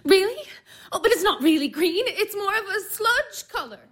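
A woman's voice: very high voice, lively intonation, normal speed, a bit bright. A woman playing a gushing, flustered girl. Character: flustered, gushing young fiancée. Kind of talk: stage-play radio acting.

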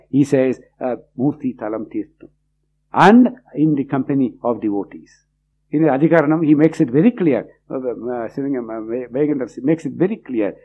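A man giving a spiritual discourse, reflective and unhurried, breaking into quick recited verses. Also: mid-range voice. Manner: reflective, quotes verses in rapid bursts. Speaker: religious lecturer. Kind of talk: spiritual discourse on devotional texts. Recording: dull lo-fi recording.

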